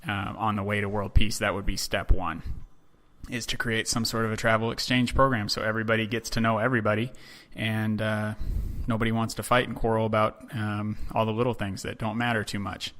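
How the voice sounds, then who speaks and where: Bright-toned man telling a casual story. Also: lowish voice. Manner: relaxed, chatty, frequent "um" and "you know". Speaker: podcast host.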